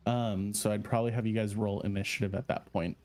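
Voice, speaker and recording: A man running a tabletop game as dungeon master, relaxed and hesitant, with many fillers. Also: on the low side, quick pace.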